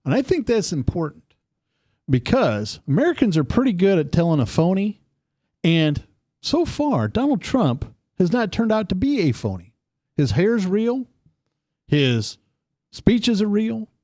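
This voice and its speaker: A man co-hosting a casual political radio chat, telling stories in an animated, lively way. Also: a little slow, no echo, studio quality. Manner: animated storytelling, lively pitch swings. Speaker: co-host. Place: studio.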